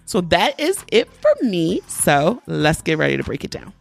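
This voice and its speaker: A woman's voice: on the low side, normal speed, vocal fry, over loud music. Chatty woman host with a stuffy, allergy-clogged voice. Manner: lively, chatty, playful. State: congested from allergies. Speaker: podcast host. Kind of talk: casual podcast chat.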